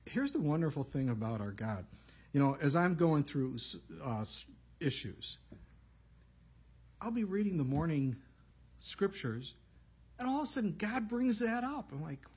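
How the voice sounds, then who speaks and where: Male pastor, very husky voice, conversational sermon with asides. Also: on the high side, sing-song, moderate pace, darkish tone. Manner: conversational preaching with frequent asides.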